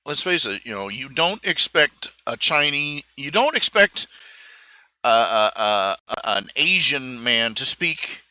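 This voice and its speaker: Man streamer, lively pitch, very bright and dry, rambling with lots of fillers. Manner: halting, full of fillers and restarts. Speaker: live stream host. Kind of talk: casual rambling monologue. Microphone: streaming microphone.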